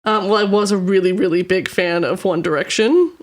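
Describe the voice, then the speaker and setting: A woman's voice: medium pitch, a little fast. Chatty woman telling a case on a podcast. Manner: chatty, giggly. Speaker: podcast co-host. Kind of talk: casual chat narrating a case.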